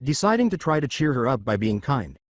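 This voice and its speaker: A man narrating a fan fiction story in a steady reading voice. His pitch rises and falls freely, and the recording is dry and close. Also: fairly quick, no echo.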